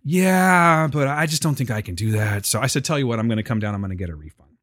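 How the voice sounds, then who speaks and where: Male storyteller, lively pitch, foul-mouthed, dry booth sound. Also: fast talker, no echo. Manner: profane, animated, acts out quotes. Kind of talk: casual storytelling chat.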